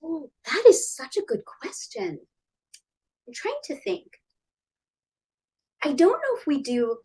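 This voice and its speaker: A woman in her thirties, a guest author chatting in an interview over a video call, animated and acting out quoted voices. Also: slow, poor audio. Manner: animated, acts out quoted voices with big pitch jumps. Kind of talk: casual interview chat.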